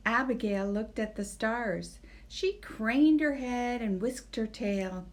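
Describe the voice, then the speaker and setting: Woman librarian, preschool storytime reader; slightly high voice, unhurried pace. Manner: gentle, expressive storytelling. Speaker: children's librarian. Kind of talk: reading a picture book aloud.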